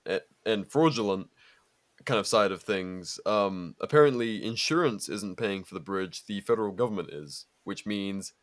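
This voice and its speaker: A man's voice: lowish voice, animated, moderate pace. Laid-back swearing man chatting. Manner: laid-back, swears a lot, frequent fillers and laughs. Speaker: podcast co-host. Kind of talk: casual chat.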